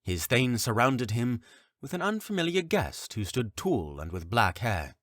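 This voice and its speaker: A man narrating a fantasy audiobook in a calm, even, deliberate reading style at a close mic. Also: medium pitch, no echo.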